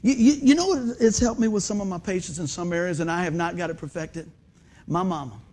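A man in his fifties with a high-sitting voice preaches a conversational sermon at a fairly quick clip, with slight background noise. He's animated in the stage-lit church sanctuary, quizzing the congregation and making jokes at his own expense.

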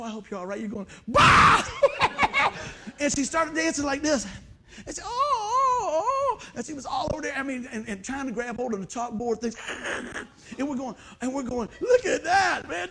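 A man preaching a folksy sermon, telling a childhood story with sound effects and acted-out voices. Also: sits high.

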